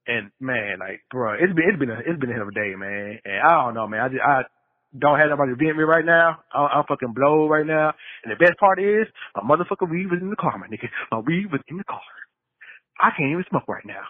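A man's voice: medium pitch, expressive, fast talker. Frustrated man venting over a tinny phone line. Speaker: podcast co-host calling in. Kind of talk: casual storytelling rant.

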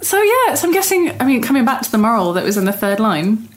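A woman guest retells an odd fairy tale, laughing through her words. Her voice is fairly high and swoops animatedly, with faint noise behind it. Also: big pitch swings, quick pace. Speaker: podcast guest.

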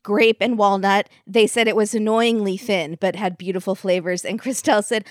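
A woman co-hosting a casual recap podcast, telling the episode's events in a wry, animated way with frequent laughs. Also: mid-range voice, moderate pace, no room sound, studio quality. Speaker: podcast co-host.

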